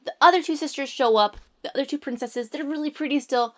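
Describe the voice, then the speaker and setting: A woman's voice: high voice, fast talker. A woman telling a fairy tale in a casual, playful way with wry asides. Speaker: storyteller.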